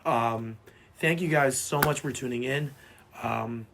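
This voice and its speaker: A man co-hosting a casual sports podcast who has lost his voice and sounds hoarse and boyish, rambling and repeating himself as he talks sports. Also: medium pitch, a little slow, background noise. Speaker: podcast co-host.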